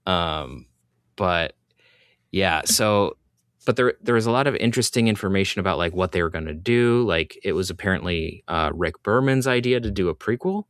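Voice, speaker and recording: Podcast co-host, man, very low voice, dry close sound, loose rambling chat. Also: expressive, normal speed, fairly bright tone, clear, resonant tone, dry recording. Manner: rambling, filler-heavy recaps. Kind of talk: casual chat.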